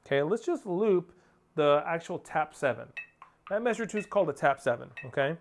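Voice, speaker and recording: A man's voice: a little high, lively intonation, moderate pace, slight background noise. A man teaching a percussion lesson, counting off and singing rhythms aloud as he coaches. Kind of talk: instructional drum lesson. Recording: spoken over loud percussion playing.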